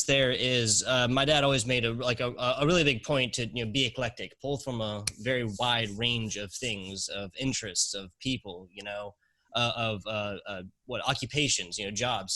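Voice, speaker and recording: A man's voice: mid-range voice, sharp tone, no echo, low-quality recording. A young man rattles off answers in a casual interview, full of fillers and restarts. His voice sits in a middling register, and the sound is dry and close. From South Carolina, US. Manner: fast-talking, rambling with fillers and restarts. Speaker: guest, esports commentator.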